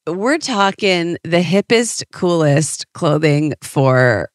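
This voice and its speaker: A woman's voice: on the low side, animated, takes it slowly, no room sound, clean studio sound. A woman in her thirties co-hosting a casual podcast chat, telling stories and laughing often. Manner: chatty storyteller, laughs often. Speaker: podcast co-host.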